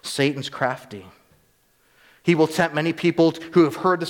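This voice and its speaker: A man's voice: on the high side, fairly even intonation, moderate pace, long reverb tail. A man preaching a sermon as pastor, earnest and emphatic, often rising sharply on rhetorical questions.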